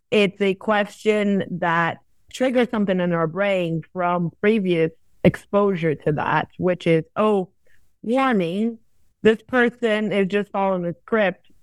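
A woman's voice: lowish voice, dry recording. A woman guest talks through customer experience ideas in a casual interview, analytical and prone to restarting her sentences. The recording is dry and close, with no room sound.

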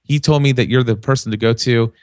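A man's voice: mid-range voice, a little fast, dry recording, clean studio sound. A man talking as a podcast guest, telling stories and acting out other people's voices in a casual chat. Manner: animated storyteller, acts out quoted voices.

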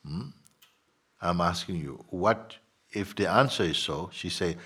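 A man guiding listeners as a spiritual teacher, soft-spoken, often dropping to a whisper and playfully acting out voices. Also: low-pitched, measured pace, slightly rough.

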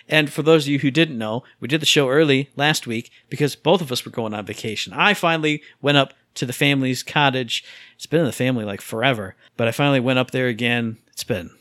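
Regular-pitched guy on a chat podcast, jokey storyteller doing little sound effects, dry close mic. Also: a little fast, a bit bright, dry recording. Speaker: podcast co-host. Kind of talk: casual chat.

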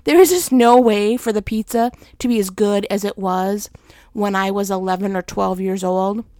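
A woman's voice: medium pitch, fairly even intonation, normal speed, darkish tone, no room sound, clean studio sound. A middle-aged woman hosting a personal faith podcast, talking candidly and with self-deprecating humor, worn out while recovering. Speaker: podcast host.

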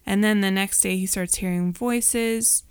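A woman's voice: mid-range voice, steady tone, measured pace, smooth, no echo. A woman in her thirties co-hosting a podcast, chatting casually with wry asides and lots of fillers. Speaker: podcast co-host. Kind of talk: casual movie rewatch chat.

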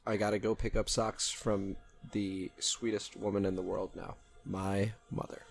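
Easygoing man, lowish voice, podcast guest. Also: level tone, measured pace, creaky, faint music behind. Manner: friendly, easygoing, laughs often. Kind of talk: casual chat.

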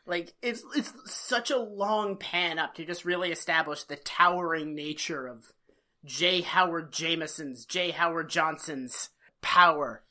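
A woman co-hosting a podcast, casually recapping an episode with profane jokes and quick put-on voices. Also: low voice. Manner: profane, joking, animated retelling. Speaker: podcast co-host.

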